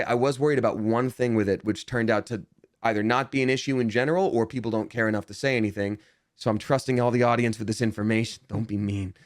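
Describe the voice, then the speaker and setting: A young adult man, a voice actor and guest, chatting casually in an interview and telling stories animatedly, swinging his pitch up when he jumps into quotes. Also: no room sound, clean studio sound.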